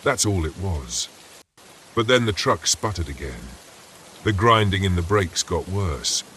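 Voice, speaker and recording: A man narrating a first-person scary story in a steady, measured way. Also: deep voice, a little hiss or hum.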